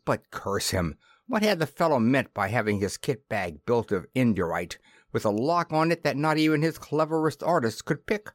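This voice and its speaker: A man narrating a science fiction audiobook with an expressive reading. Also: medium pitch, dry recording, studio quality. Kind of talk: scripted narration.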